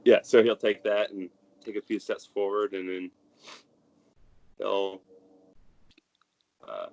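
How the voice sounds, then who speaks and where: A man's voice: fairly low pitch, little pitch movement, slow pace, gravelly, darkish tone, highs cut off. A young adult man narrating a tabletop game as game master, in a casual, rambling way full of fillers.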